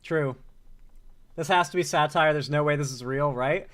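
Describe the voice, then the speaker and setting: A man's voice: on the high side, moderate pace, fairly bright tone. A man hosting a casual live-stream commentary, loose and chatty, laughing often as he reads out viewer donations.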